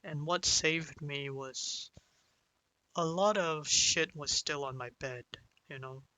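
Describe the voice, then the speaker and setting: A young man tells a personal story in a close, dry recording, circling back with restarts and "you know"s. His voice sits a little high and sounds bright and tense. He speaks haltingly and confessionally. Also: steady tone, no room sound, poor audio. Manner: sighs and breaks down into whispers at emotional moments. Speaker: vlogger.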